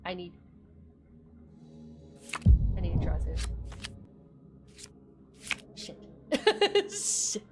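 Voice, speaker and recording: A woman's voice: lowish voice, wildly swooping pitch, very slow, pauses often, over loud music. A woman streamer giving live gameplay commentary, talking to herself, swearing often and laughing between lines.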